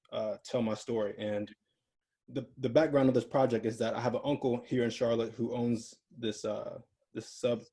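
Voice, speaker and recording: Caller, man in his 20s: husky and warm, earnest, rambling, on a video call. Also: on the low side. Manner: rambling, earnest, lots of fillers. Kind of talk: casual chat on a video call.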